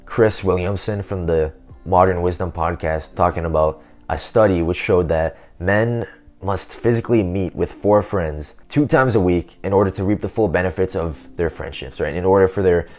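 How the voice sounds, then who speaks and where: Low-voiced young man rambling in slang. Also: moderate pace, a little mellow. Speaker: self-improvement vlogger. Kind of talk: casual vlog monologue.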